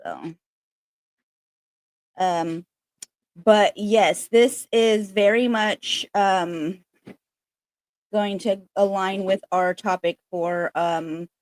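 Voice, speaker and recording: A woman's voice: medium pitch, fairly even intonation, extremely slow, long pauses, a little mellow. A woman hosts a casual spiritual livestream. She rambles in a chatty, loose way, full of fillers and side remarks, with a mid-range voice. Her laptop mic gives a dry sound with no room echo.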